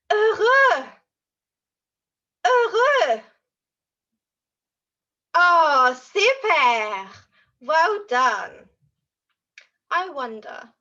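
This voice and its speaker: Animated woman teaching young children. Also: fairly high pitch, gravelly. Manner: animated, sing-song, models words for repetition. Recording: dull lo-fi audio.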